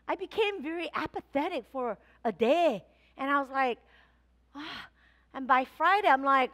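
A woman pastor delivers a sermon in a church, her voice sitting high. She tells a personal story in a lively way and acts out her own past thoughts as she goes. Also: normal speed. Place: church sanctuary.

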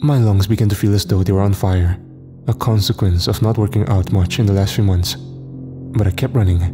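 A man's voice: fairly low pitch, fairly even intonation, a little fast. A man narrating a horror story in a tense, suspenseful scripted reading. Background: faint music.

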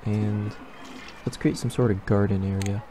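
A young man talks through a building game at an unhurried, rambling pace. His voice sits low and relaxed. A faint hiss runs under the recording. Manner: rambling, thinks aloud while building. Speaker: gaming YouTuber. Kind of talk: casual let's-play commentary.

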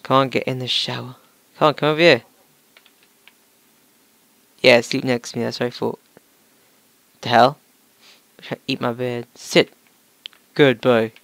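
A man's voice: medium pitch, fairly even intonation, normal speed, creaky, long pauses, a bit bright, dry recording. A young man with a slight cough, casually chatting and swearing as he plays and talks to his viewers. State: slight cough, throat sore. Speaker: gaming channel host. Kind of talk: let's play game commentary.

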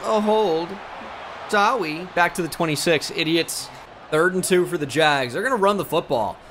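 A man giving casual, joking video game commentary, excitable and swearing freely. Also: on the high side, normal speed, a little hiss or hum. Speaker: gaming YouTuber.

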